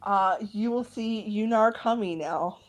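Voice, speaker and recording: A woman running a tabletop game as game master, her voice at a middling pitch. She narrates in a relaxed, unhurried way, filling her pauses with fillers, over faint background music. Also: poor audio.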